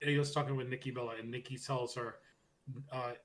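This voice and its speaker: A man co-hosting a podcast, casually recapping wrestling and loudly acting out the quotes as he goes. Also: mid-range voice, a little fast. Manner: animated storytelling, acts out quotes loudly. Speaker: podcast co-host.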